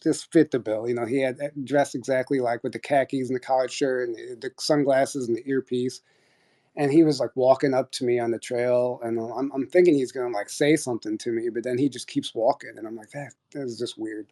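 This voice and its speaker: Mellow-voiced man rambling through a story. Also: mid-range voice, fairly even intonation, brisk. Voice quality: rambling, many fillers and restarts. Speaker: podcast host sharing experiences. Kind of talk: casual storytelling on a live audio chat.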